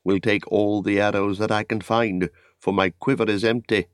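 A noble elf archer speaks in a clear, lofty tone, pitched higher than the reader's usual voice, as a man voices him. It sounds close and dry, like a studio audiobook. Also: little pitch movement, normal speed, no echo, lightly acted. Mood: eager. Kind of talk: audiobook character reading.

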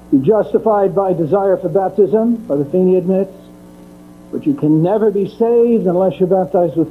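A man giving a methodical theology lecture, repeating his key points for emphasis. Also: high-pitched. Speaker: Catholic lecturer. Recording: tinny phone-like recording with mains hum.

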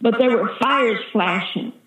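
A woman's voice: on the high side, unhurried, fairly bright tone, echoey room, low-quality recording. A woman evangelist giving an earnest, vivid testimony as a guest in an interview. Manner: earnest, vivid storytelling, calls listener sister.

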